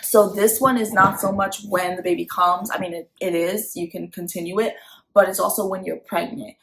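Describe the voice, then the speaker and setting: A young mother talks through parenting tips in a relaxed, chatty vlog. Her voice sits in a middle register with a gravelly, fry-touched edge. She turns animated when she acts out quotes. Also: mid-range voice, normal speed, low-quality recording. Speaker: parent vlogger. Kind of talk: casual parenting advice chat.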